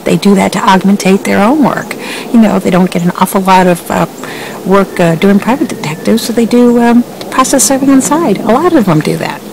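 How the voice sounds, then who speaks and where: Woman, process server vlogger, rambling and chatty, gravelly, recorded from a distance. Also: mid-range voice, a little fast, a little mellow, a little hiss or hum. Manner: rambling, chatty, many fillers and restarts; laughs between sentences. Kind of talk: casual storytelling vlog.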